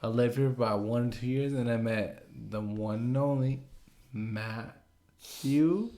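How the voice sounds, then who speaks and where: A man from Chicago co-hosting a casual podcast, playful and theatrical, jumping between loud bursts and quiet asides. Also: mid-range voice, a little slow. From Chicago, Midwest US. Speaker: podcast co-host.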